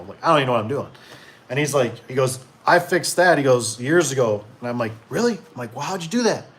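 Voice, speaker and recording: This is a casual, chatty young man who rambles through a story, circles back on his own words and jumps up in pitch when he acts out what people said. His voice sits at an ordinary middle pitch. A faint hiss of noise stays under the recording. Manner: rambling, self-interrupting, animated when quoting people. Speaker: garage door business owner and stream host. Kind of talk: casual storytelling and reading chat on a live stream.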